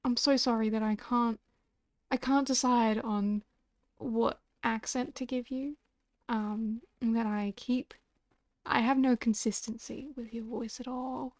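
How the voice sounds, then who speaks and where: A woman's voice: a little high, steady tone, slow pace, no echo. A young woman streamer chatting and muttering asides while playing a story game live. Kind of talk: live let's-play commentary.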